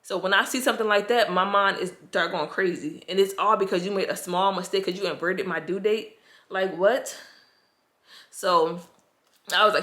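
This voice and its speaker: A woman's voice: medium pitch, fairly even intonation, moderate pace, fairly bright tone. Stressed woman venting to her viewers. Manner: talks straight to viewers, often says "y'all"; emotional, frustrated and anxious. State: stressed and overwhelmed. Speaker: pregnancy vlogger. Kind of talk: casual talk to camera.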